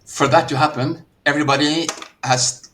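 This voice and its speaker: A man's voice: on the high side, steady tone, moderate pace, a bit bright, a little hiss or hum. Earnest Norwegian man coaching. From Norway. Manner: earnest, repeats words when starting thoughts. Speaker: business coach. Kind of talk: podcast conversation.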